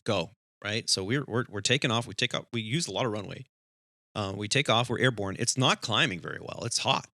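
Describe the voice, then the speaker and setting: An airline pilot co-hosting an aviation podcast tells a cockpit story in casual conversation, animatedly acting out the dialogue. His voice is lowish and a little fast. The recording is studio quality with no room sound.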